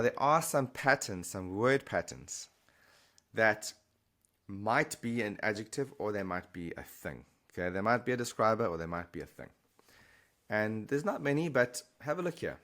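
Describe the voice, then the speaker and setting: A man teaching vocabulary to camera, chatty and encouraging, often pausing to check in with the learner. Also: on the low side, fairly bright tone. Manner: chatty, encouraging, repeats and restarts while explaining. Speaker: Spanish teacher.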